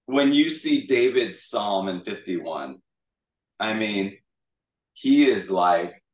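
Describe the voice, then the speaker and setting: Casual Bible study leader, man, somewhat low voice, animated and jokey, recorded in an echoey room from a distance. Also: slow pace. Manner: chatty, jokey, animated retelling. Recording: echoey room, mic far off.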